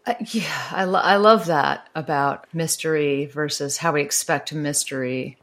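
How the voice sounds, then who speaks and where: Low-voiced woman author musing aloud. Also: measured pace, a bit bright. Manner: thoughtful, rambling with restarts and laughs. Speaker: author and advice columnist. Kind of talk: conversational interview answers.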